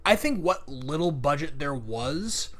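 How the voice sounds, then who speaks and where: A man's voice: a little high, sing-song, unhurried, fairly bright tone. A man co-hosting a casual movie review chat, easygoing and a bit hesitant as he chimes in. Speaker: podcast co-host.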